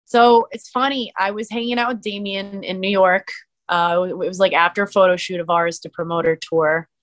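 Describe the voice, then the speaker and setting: A woman, a musician and streamer, chatting as a podcast guest and telling stories in an animated way, full of "like". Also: medium pitch, normal speed. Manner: animated storyteller, many "like" fillers. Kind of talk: casual interview chat.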